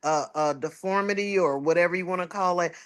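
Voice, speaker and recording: Podcast co-host, casual chat, agreeable, drawn-out storytelling, mid-pitched voice. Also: a bit bright, clear, resonant tone.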